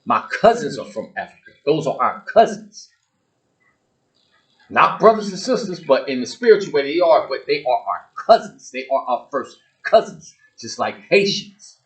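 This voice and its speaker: This show host, a man with a slightly high voice, carries a ranting monologue by himself, speaking to listeners directly in a preachy, blunt, emphatic way and returning again and again to his points. He is very animated at a moderate pace, and the recording is rough.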